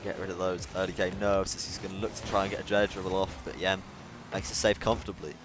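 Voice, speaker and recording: A man with an Irish accent giving play-by-play esports commentary, lifting to excited calls at big plays. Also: low voice, fast. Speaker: esports caster. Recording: noisy background.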